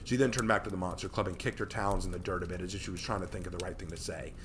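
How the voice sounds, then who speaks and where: A man streaming a reading of his own story, narrating with lively delivery and the odd slip. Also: low voice, rapid-fire, background noise. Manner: lively reading, some slips and restarts.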